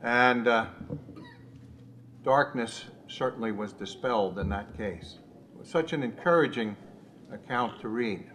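A man in a Bible study, slowly recounting a missionary story with many pauses and fillers. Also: mid-range voice, a bit bright, slight background noise. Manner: slow, measured storytelling with frequent uh fillers.

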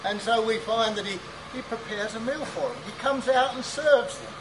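A man preaching a sermon at a conference, halting and pausing, with fillers. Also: sits high, background noise. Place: conference hall.

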